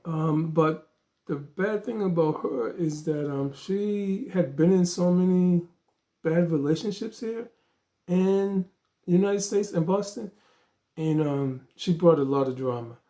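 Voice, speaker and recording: A man's voice: on the high side, a little slow. A man vlogger telling a story in a casual way, acting out the dialogue with lots of fillers. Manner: animated, acts out dialogue, frequent fillers.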